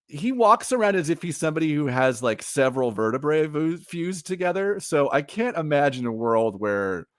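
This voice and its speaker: A man co-hosting a casual pop-culture chat show, animated and laughing often. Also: fairly high pitch, moderate pace, few pauses, dry recording, clean studio sound. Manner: animated, laughs often, slips into mock voices. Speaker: podcast co-host.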